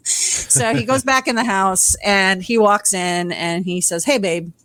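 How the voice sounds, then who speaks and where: A woman's voice: medium pitch, a little slow, fairly bright tone, dry recording. A woman co-hosting a podcast, recapping a reality show in casual chat with blunt, exasperated swearing. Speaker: podcast co-host.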